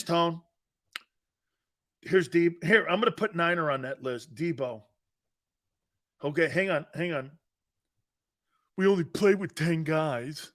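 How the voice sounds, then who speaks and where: A man hosting a live sports talk show, teasing viewers and laughing often as he reads their comments. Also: high voice. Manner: animated, teasing, laughs often, mock apologies.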